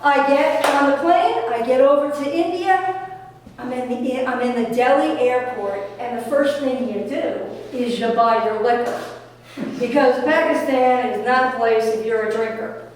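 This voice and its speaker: A woman telling a personal story live on stage at a story slam, animated, chatty and self-mocking. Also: sits high, a little slow, slight background noise. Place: small venue with an audience. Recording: echoey hall from far off. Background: audience laughter.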